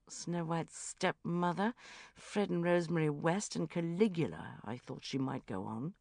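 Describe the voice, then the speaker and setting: A woman's voice: low-pitched, moderate pace, darkish tone, no room sound, studio quality. A woman narrating a comic novel in the first person with a wry storytelling manner. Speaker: audiobook narrator.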